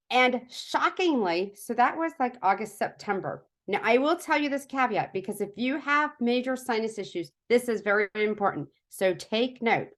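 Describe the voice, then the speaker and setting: A woman's voice: mid-range voice, a bit bright. A woman in her forties telling a casual, chatty testimonial story, self-mocking and full of fillers. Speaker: product testimonial speaker.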